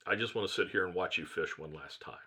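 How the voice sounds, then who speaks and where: A man quoting his elderly father, a gruff, curt old man who speaks flatly and without enthusiasm. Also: low voice, quick pace, exaggerated voice. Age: older. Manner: flat, unenthusiastic.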